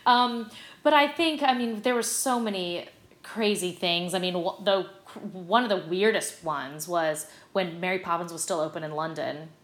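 A middle-aged actress telling stories in a casual interview, animated and full of fillers. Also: female voice, lowish voice, normal speed, echoey room. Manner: bubbly, animated storytelling with many fillers. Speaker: guest, stage actress.

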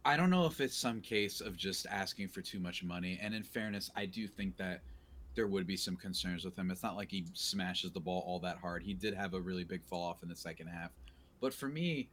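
Male co-host, lowish voice, relaxed and analytical. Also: brisk, slight background noise. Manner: laid-back, analytical, laughs easily. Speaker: podcast co-host. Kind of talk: casual sports podcast chat.

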